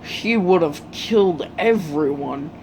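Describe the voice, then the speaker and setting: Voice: medium pitch, lively intonation, slow, darkish tone, slight background noise, rough recording. A speaker doing a grim grown male hero. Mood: musing.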